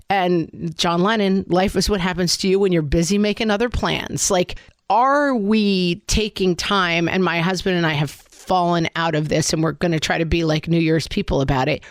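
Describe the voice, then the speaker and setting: A woman's voice: fairly low pitch, dry recording, studio quality. A woman co-hosting a podcast about motherhood, thinking aloud in casual chat with many "like" fillers.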